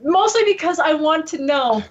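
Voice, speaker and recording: Young woman podcast host, kinda high voice, laughs a lot telling stories. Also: moderate pace, highs cut off. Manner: giggly, animated storytelling with quoted voices. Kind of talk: casual podcast chat.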